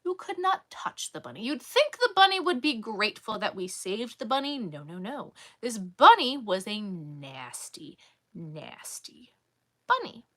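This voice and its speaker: A woman vlogger casually telling a story in an animated, exasperated way. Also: mid-range voice, measured pace. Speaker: crochet vlogger.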